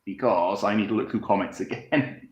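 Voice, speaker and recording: A man's voice: fairly low pitch, normal speed, highs cut off, background noise. A man from Wales with a Welsh accent, casually chatting on a live stream from his home, reading out comments, rambling and chuckling as he sips tea. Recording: echoey room.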